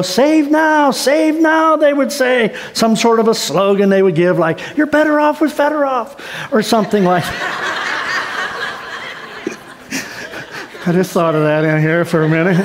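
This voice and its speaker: A man delivers a sermon from the pulpit in a high, lifted voice. He tells folksy, animated stories with playful asides. A long hall reverb trails each phrase. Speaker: pastor. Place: church sanctuary.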